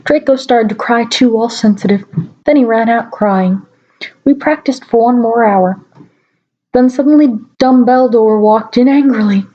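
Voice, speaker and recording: In an unhurried, fairly high-pitched voice, a woman gives a mock-dramatic reading, pausing occasionally to comment wryly. The lo-fi audio comes from a laptop mic at home.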